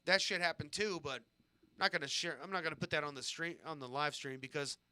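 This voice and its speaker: A man in his thirties from Southern California rambles through crude childhood stories on a live stream, swearing freely and poking fun at himself. His voice sits a little high and rings clear and smooth. The sound is dry and close. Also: fairly quick, pushed and bright, no echo. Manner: rambling, profane, self-deprecating storytelling. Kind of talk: casual storytelling on a live stream.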